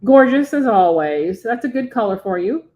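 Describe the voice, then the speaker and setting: A woman's voice: on the high side, animated, moderate pace, mellow, muffled recording, pitched above the performer's own voice, close to an everyday voice. A woman reading as a charming, flirtatious man. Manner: smooth, flirtatious.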